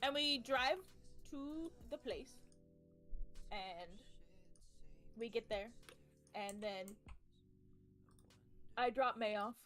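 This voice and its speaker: Uma jovem com sotaque americano conta uma história de forma animada e cheia de palavrões, imitando as pessoas com vozes mais agudas. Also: female voice, drawn-out words, pauses often, soft background music. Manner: animated, acts out quoted people in higher voices, swears freely. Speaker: streamer. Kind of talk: casual storytelling on a game stream.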